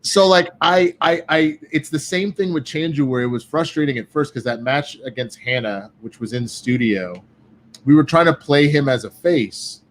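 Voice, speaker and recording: A man in casual podcast chat, telling animated, profane stories and acting out what others said. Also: a little high, moderate pace, slight background noise. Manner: profane, animated storytelling with quoted voices. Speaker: guest.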